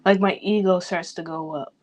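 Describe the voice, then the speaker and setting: A woman's voice: lowish voice, fairly even intonation, moderate pace, darkish tone. A grieving woman, rambling loosely and cursing freely in a personal vlog. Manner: rambling, profane, loose and unfiltered. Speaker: vlogger.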